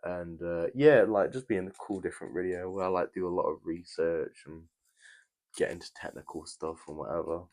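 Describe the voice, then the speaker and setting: A man's voice: low voice, little pitch movement, brisk, darkish tone. A young British man casually chatting to viewers on a live stream while he builds a Lego set, in a rambling, chatty way. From Britain. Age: young adult.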